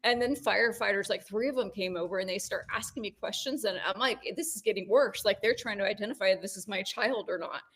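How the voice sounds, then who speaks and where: A woman in her forties, co-hosting a podcast, telling a personal story in casual chat with animated ups and downs. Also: mid-range voice, quick pace, few pauses. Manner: animated storytelling, rising when excited. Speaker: podcast co-host.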